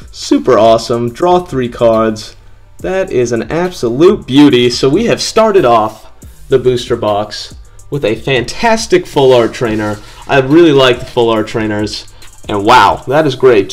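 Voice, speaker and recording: A man hosting a casual video, chatting excitedly to viewers as he opens packs of cards. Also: medium pitch. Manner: excited, upbeat, addresses viewers. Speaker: card-opening video host.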